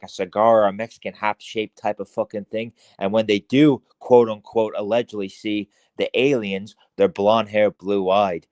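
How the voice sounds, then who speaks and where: An Irish man talking as a podcast guest in casual chat, rambling with heavy swearing, halting restarts and fillers. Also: on the low side, a little mellow, dry recording.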